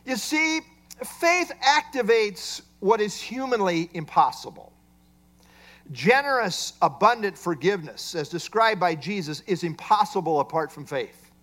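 A man's voice: sits high, lively intonation, measured pace, a bit bright. A man preaching an expository sermon, explaining a Bible passage and asking rhetorical questions. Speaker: pastor.

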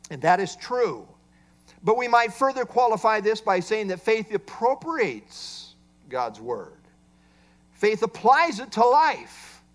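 Man, pastor, sermon, high voice, animated pitch, rhetorical questions. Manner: expository preaching with rhetorical questions.

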